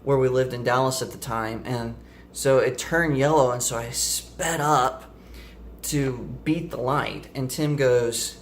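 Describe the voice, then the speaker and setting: A man's voice: medium pitch, measured pace, slight background noise. Young male vlogger, casual storyteller who meanders and corrects himself, mid-range voice. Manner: rambling, many fillers and self-corrections.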